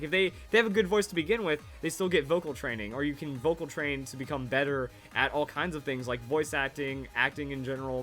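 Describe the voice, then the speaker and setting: Chatting over his old videos, a Pokemon YouTuber in his twenties rambles and repeats himself with verbal tics. He speaks at medium pitch with a fairly bright tone.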